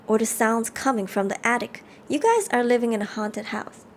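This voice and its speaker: Chatty woman streamer, slightly high voice. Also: moderate pace, a little hiss or hum. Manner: animated, chatty, reads narration aloud between chat replies. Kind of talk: live-streamed game playthrough, reading game text aloud.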